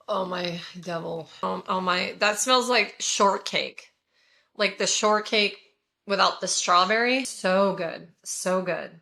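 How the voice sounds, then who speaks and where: A woman in her forties from California chats casually to her viewers, gushing as she reviews scented products. Her voice is bright and forward at a middle pitch. She talks in an effusive, conversational way. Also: slow, gravelly. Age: 40s. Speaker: haul vlogger.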